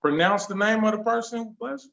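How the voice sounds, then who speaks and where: A man's voice: high-pitched, quick pace, creaky, a bit bright, highs cut off. A man chatting playfully as a guest on a podcast, laughing often and drawling his words. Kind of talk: casual chat.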